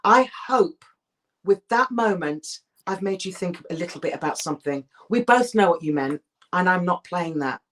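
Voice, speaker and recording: Emphatic actress telling stories. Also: female voice, on the low side, moderate pace. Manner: emphatic, animated storytelling with restarts. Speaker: actress, interview guest. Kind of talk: candid interview conversation.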